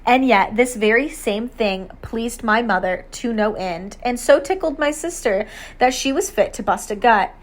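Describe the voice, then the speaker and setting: A woman reading an audiobook aloud, measured storytelling narration in the first person. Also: on the high side, expressive.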